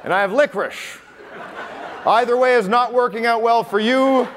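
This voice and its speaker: Speaking at a moderate pace in a very high-pitched voice, a Canadian-accented man does a comedy magic act, playfully teasing the crowd. The show takes place in a large hotel conference hall, captured live with long reverb and a little room noise.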